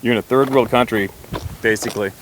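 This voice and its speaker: A man's voice: medium pitch, steady tone, fast talker, slight background noise. A man telling a personal story to camera in a rambling, blunt way, with mild swearing and frequent restarts.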